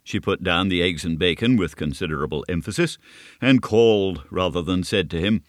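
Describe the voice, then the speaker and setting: Deep-voiced male audiobook narrator. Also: fairly quick, no room sound, clean studio sound. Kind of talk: scripted narration of a classic novel.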